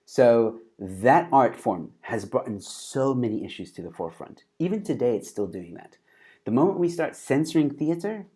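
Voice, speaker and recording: A man's voice: medium pitch, sing-song, moderate pace, dark tone, breathy edge. A man hosting a casual interview over a video call, talking with many fillers and restarts. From South Africa. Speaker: host.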